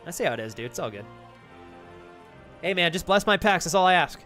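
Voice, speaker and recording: Hyped, lively-voiced male streamer. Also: high-pitched, brisk, soft background music. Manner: animated, hyped, swears casually. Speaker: streamer reading chat. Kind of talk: casual chat with viewers.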